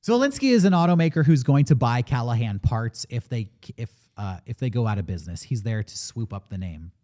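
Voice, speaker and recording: A man's voice: mid-range voice, brisk. A man talking casually on a movie podcast, eagerly retelling a plot and quoting the characters. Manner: animated, retells plot with quoted voices. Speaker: podcast co-host.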